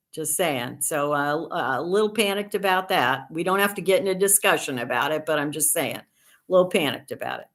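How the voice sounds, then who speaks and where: A woman in her sixties with a slightly low voice, hosting a relaxed livestream. She talks in a rambling, chatty way, answers viewer comments as they arrive and drops in dry, self-deprecating humor. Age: 60s. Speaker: livestream host.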